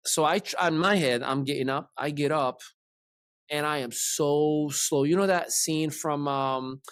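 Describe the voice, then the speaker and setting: Guy hosting a podcast, lively storyteller, fairly high voice, dry close sound. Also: measured pace, clean tone, dry recording. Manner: animated, acts out dialogue in his retelling. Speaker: podcast host. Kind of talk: casual storytelling chat.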